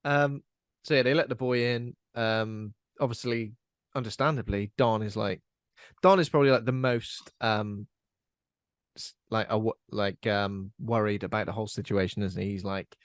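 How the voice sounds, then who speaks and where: A man's voice: lowish voice, moderate pace, dry recording. A man co-hosting a casual film podcast, chatty and rambling with frequent fillers. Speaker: podcast co-host.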